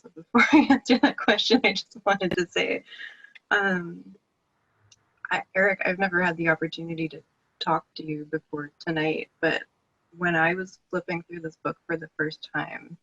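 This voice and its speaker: A woman with a fairly low, evenly pitched voice talks at normal speed over a video call, her tone a bit bright. As a book contributor on a webinar panel, she speaks earnestly and from the heart, tearful at times. The audio is dry, with the highs cut off.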